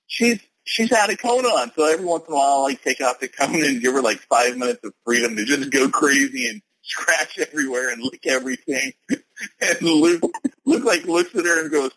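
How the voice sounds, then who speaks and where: A man co-hosting a podcast, telling stories in an excitable way and laughing often, with a husky voice. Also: fairly high pitch, a little fast, dry recording, low-quality recording. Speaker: podcast co-host. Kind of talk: casual podcast chat.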